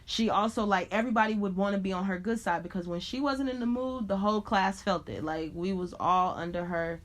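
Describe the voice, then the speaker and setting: A woman from Chicago, in her thirties, talks as a guest on a podcast. She tells her stories with lots of animation, acting out what people said and laughing along the way. Her voice sits at an ordinary middle pitch. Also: brisk. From Chicago, USA. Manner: animated, expressive storyteller who laughs often and acts out quotes. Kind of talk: casual storytelling interview.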